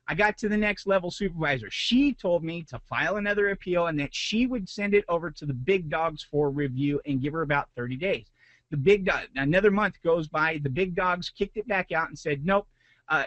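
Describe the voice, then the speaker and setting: A man's voice: fairly high pitch, a little fast, a bit bright, no echo, low-quality recording. A man, a business owner, giving a motivational talk to a group, retelling a frustrating story with rising intensity.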